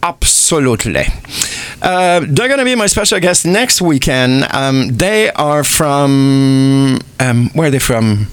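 A male radio host, speaking in a mid-range voice at a slow, leisurely pace. He chats casually, trailing off with ums and slipping words into his English. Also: mid-range voice, lively intonation. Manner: unhurried and chatty, trails off with many ums, mixes French phrases into English. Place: radio studio.

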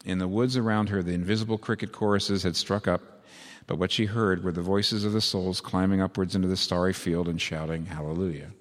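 Preacher with a long hall echo. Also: male voice, low-pitched, steady tone, fairly quick. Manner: vivid storytelling, emphatic. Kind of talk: sermon.

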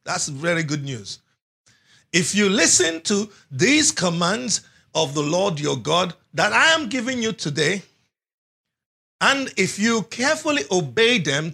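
Husky, lively-voiced male preacher. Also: a little high. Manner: reads scripture aloud with emphatic rises and drops; asks the listeners questions and answers them himself. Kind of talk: sermon.

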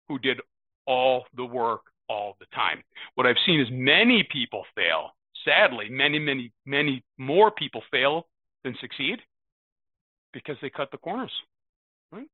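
Sharing at a recovery meeting, this American man in his fifties is earnest, repeats words, and keeps asking a rhetorical "right?". His voice is a little high, and the dry recording sounds narrow and phone-like.

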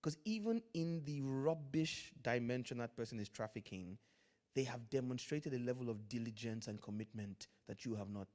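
A man preaching a sermon, swinging from loud, drawn-out lines to hushed asides, with Pidgin phrases mixed in. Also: medium pitch, lively intonation. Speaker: pastor.

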